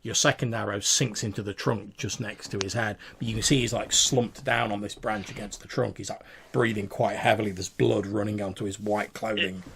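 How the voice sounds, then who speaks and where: A man runs a tabletop game, describing the action casually and stuffing his sentences with little fillers. His voice is low and gravelly, with faint noise in the background. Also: fairly even intonation, fairly quick, few pauses, fairly bright tone. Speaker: game master.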